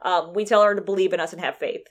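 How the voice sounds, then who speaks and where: A woman's voice: fairly low pitch, fairly even intonation, fast talker. A woman co-hosting, retelling events in casual, rambling chat. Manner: rambling storyteller who acts out quotes. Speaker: podcast co-host recapping a game.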